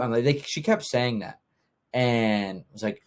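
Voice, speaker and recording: A man's voice: medium pitch, moderate pace. A young man hosting a podcast, telling casual stories and acting out what others said. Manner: easygoing storytelling with acted-out quotes. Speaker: podcast host. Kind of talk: casual chat.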